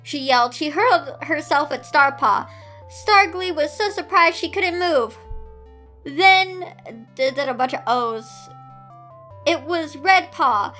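A woman with a high, bright, clear voice reads a story aloud at an unhurried pace. She keeps stopping to comment in disbelief and laughs at what she reads. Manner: incredulous, laughing asides between read lines. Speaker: host reading fan fiction aloud.

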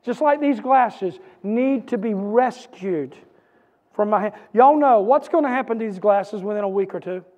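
A man preaching a sermon as pastor, with a repetitive, building cadence that rises to shouts. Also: sits high, moderate pace. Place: church sanctuary. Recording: church hall reverb.

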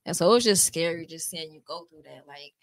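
Woman with a real low gravelly voice, soft and tearful. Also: lively intonation, brisk, no room sound, clean studio sound. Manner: soft-spoken, tearful, plain-talking. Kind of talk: casual heartfelt conversation.

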